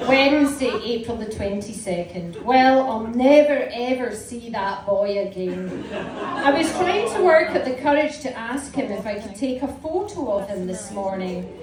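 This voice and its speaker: A woman's voice: fairly high pitch, animated, unhurried. Scottish woman reading wryly to a crowd. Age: 40s. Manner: wry, amused storytelling. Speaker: performer reading her teenage diary. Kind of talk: live reading to an audience. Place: small indoor live venue. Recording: roomy, distant mic with audience noise.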